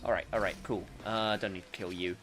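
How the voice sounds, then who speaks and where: A man's voice: lowish voice, fairly even intonation, a little fast. A man giving casual let's-play commentary while he plays, rambling and full of fillers. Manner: rambling, filler-heavy, self-interrupting. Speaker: gameplay commentator.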